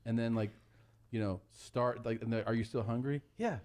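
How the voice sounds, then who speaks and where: A man's voice: mid-range voice, steady tone, moderate pace, darkish tone. Rambling man telling podcast stories. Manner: rambling storyteller, acts out quoted lines. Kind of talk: podcast anecdote.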